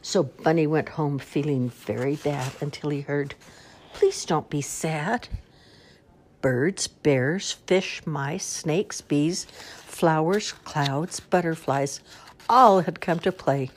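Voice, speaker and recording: An older woman reading picture books aloud to a child in an expressive, sing-song way. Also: slow pace. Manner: sing-song, expressive read-aloud with lively pitch swings. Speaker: storyteller.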